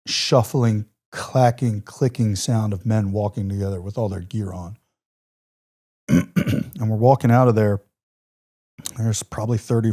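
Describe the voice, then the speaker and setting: A man in his forties recounts war stories as a podcast guest in a low, mellow voice. He is vivid and reflective, dropping casual fillers as he goes. His tone stays unhurried and thoughtful. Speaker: military veteran guest. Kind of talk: podcast interview storytelling.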